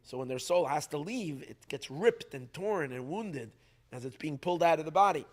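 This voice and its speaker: A middle-aged man with a somewhat high voice gives an unscripted storytelling talk as a rabbi. His delivery is animated and emphatic. He often doubles back, repeating words as he builds a point. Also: moderate pace. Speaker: rabbi teaching at a community gathering.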